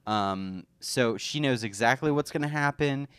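Man, podcast co-host, smooth resonant voice, dry close sound, excited, swears a lot. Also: mid-range voice, moderate pace, no room sound. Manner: enthusiastic, sweary, restarts sentences. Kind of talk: casual chat.

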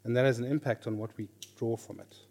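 A middle-aged Bible teacher leads a class on reading scripture, talking quickly in a mid-range voice with vocal fry. He's lively, quizzes his listeners, and keeps repeating his key phrases.

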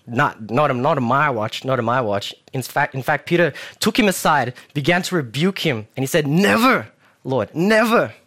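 Young male preacher, casual storyteller who acts out the scenes, mid-pitched voice. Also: fairly quick, hardly any pauses. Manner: casual, animated storytelling with acted-out quotes. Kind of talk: sermon.

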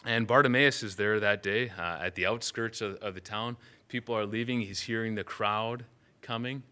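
A man's voice: lowish voice, fairly even intonation, moderate pace, sharp tone. A man preaching a sermon, retelling a Bible story vividly and often restarting phrases.

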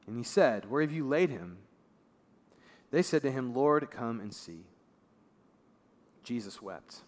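Guy preaching, chatty, goes quiet for the big points, big echoey church hall. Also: lively intonation, unhurried. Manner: conversational preaching, voice drops low and soft for emphasis. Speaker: pastor. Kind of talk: sermon. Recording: long reverb of a large hall.

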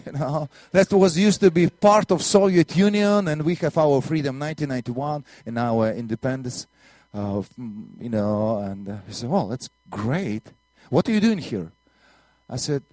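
A man's voice: a little high, animated, normal speed, darkish tone, dry recording. A man from Latvia with a Russian accent, a minister and missionary, telling a testimony story to a congregation in broken English with earnest repetitions. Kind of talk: testimony sermon.

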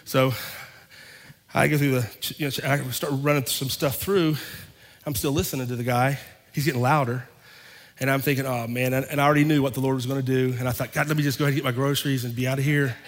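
A man's voice: medium pitch, steady tone, fast. A man preaching a sermon as pastor, telling a personal story and acting out both sides of an argument. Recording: long reverb of a large hall.

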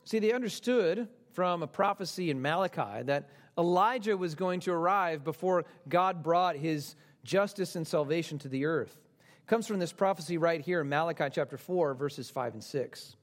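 A man preaching a sermon in a voice pitched a touch high. He is earnest and conversational, posing questions to his listeners, and he rises to emphatic peaks before falling to soft, quiet passages. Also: moderate pace. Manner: earnest preaching, rising to emphatic then dropping soft and low; conversational asides and rhetorical questions. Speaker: pastor.

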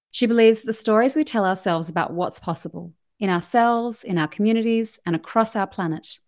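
An Australian woman co-hosting a podcast, reading an upbeat scripted intro and welcoming a guest. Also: medium pitch. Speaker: podcast co-host.

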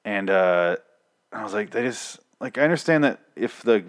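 A man's voice: on the low side, expressive, normal speed. A man hosting a casual TV review, rambling, swearing freely and correcting himself as he goes. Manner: rambling, profane, self-correcting. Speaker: host of a TV review show.

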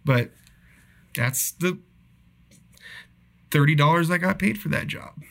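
A young man spins a profane, rambling work story in casual chat. His voice is bright and sharp. He jumps between hushed asides and loud outbursts. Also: on the high side, takes it slowly, vocal fry. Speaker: podcast co-host telling work stories.

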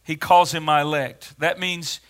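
A man delivering a sermon in a high, bright voice. He speaks earnestly and grows emphatic whenever he reads scripture aloud. His tone is forceful and clear. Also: steady tone, measured pace. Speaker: preacher.

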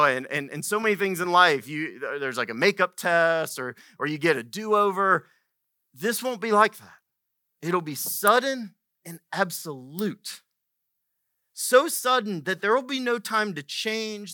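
A man's voice: sits high, bright, forceful tone, no echo, clean studio sound. A man preaching a sermon as a pastor, conversational and emphatic, repeating key phrases for weight.

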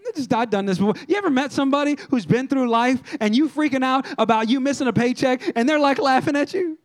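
A young male pastor preaching with a high, lively voice. He talks to the congregation in a conversational way and acts out what people say. His delivery swings between loud, punchy lines and quiet asides. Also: quick pace. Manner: animated, conversational preaching with acted-out quotes. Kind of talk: sermon.

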